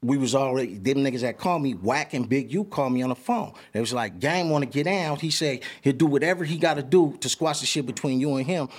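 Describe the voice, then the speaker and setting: A man's voice: medium pitch, fast, hardly any pauses. A man telling a story in an interview, full of street slang and acting out what everyone said. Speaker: interview guest. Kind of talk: animated storytelling.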